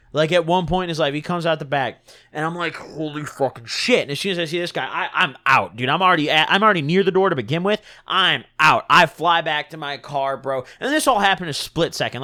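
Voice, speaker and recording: A young man telling a storytime vlog in an animated, slangy and profane manner. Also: on the high side. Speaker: vlogger.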